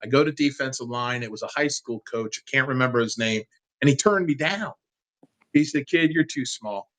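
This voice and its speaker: A man in his fifties, a guest on a sports interview, telling a heartfelt childhood story in an animated, casual way. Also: mid-range voice, fairly quick, rough recording.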